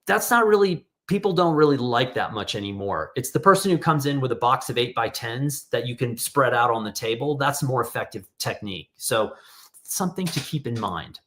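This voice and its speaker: A middle-aged man hosts an online photography workshop over a video call, casually telling stories and acting out the voices of people he quotes. His medium-pitched voice is expressive, fairly quick, and fairly bright in tone.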